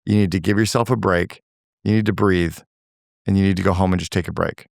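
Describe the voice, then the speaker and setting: A man's voice: deep voice, fairly even intonation, brisk, vocal fry, a little mellow, no echo, clean studio sound. An older man giving blunt, emphatic advice as a guest in a podcast interview, swearing for emphasis.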